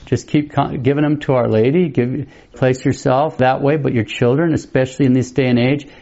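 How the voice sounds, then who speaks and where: Male priest, mid-pitched and mellow, casual teaching sermon, lo-fi audio. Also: steady tone, gravelly. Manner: brisk, conversational, self-interrupting. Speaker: Catholic priest. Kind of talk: informal teaching talk.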